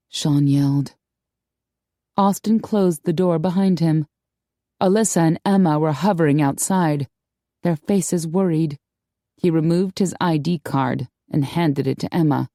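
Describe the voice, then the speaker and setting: A woman narrating an audiobook in a calm, measured storytelling manner, close to a studio mic. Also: low voice, dry recording. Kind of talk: scripted narration.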